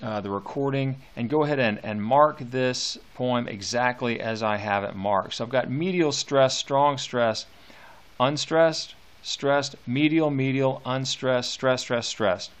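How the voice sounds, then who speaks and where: A man lectures on a poem as a teacher, mid-pitched and unhurried. He talks in a halting way, with frequent fillers and restarts while he works through his notes. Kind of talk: poetry lecture.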